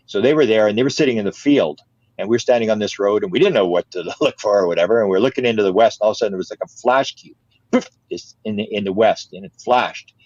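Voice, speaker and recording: Older male guest, lowish voice, lively storyteller, dry and slightly muffled sound. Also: fast talker, dry recording. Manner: animated, repeats words, laughs often. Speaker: interview guest. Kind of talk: casual storytelling.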